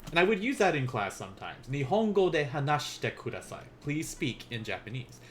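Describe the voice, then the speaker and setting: Young guy teaching a lesson on stream, kinda high voice that bounces all over, playful and jokey, faint typing in the background. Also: very animated, brisk, a bit bright, slight background noise. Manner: playful, laughs often, chatty asides. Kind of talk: casual live-stream lesson.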